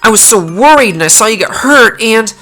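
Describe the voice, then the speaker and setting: A man voicing a timid, caring young girl in an anxious, pleading voice pitched well above his own. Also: expressive, brisk, pushed and bright, faint music behind. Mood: worried.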